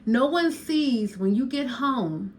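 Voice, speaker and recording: Animated woman hypnotherapist, coaching listeners. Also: a little high, slight background noise. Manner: animated, preachy, talks straight to the listener as "honey" and "y'all"; drops into slow soft voice for hypnosis lines. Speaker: hypnotherapist and podcast host. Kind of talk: motivational talk to listeners.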